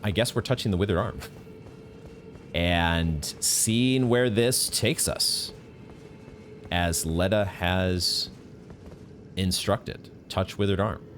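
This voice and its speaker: This streamer speaks slowly in a low, somewhat bright voice, leaving long pauses as he plays a video game blind and muses playfully aloud. Game music fills the background, along with a little hiss or hum.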